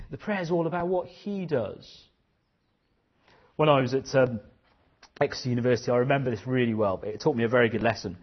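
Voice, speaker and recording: Husky preacher, earnest sermon. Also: male voice, medium pitch, fairly quick, long pauses, highs cut off. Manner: earnest, questioning, repeats phrases.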